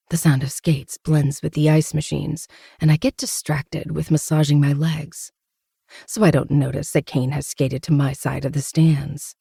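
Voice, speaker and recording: A podcast host giving a steady, intimate first-person reading of a novel. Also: mid-range voice, a little slow, creaky, slightly rough, no echo, studio quality. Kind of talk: first-person audiobook narration.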